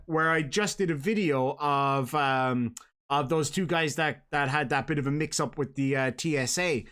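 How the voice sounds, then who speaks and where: A man's voice: fairly high pitch, fairly bright tone. Chatty Irish man hosting a stream. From Ireland. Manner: chatty, reads out donations, quick laughs. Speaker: host. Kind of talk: casual livestream chat.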